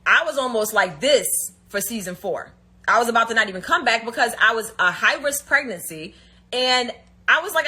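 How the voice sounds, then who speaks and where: A woman's voice: on the high side, lively intonation, normal speed, pushed and bright, breathy edge. A woman telling a story in a casual livestream rant, indignant and acting out quoted dialogue. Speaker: reality TV personality. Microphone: phone livestream.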